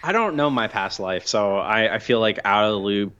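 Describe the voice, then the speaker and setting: A man in his thirties co-hosting a podcast in casual chat, with low-key, dry humor. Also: expressive, normal speed, sharp tone, clear, resonant tone. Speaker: podcast co-host. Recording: slightly dull, muffled sound.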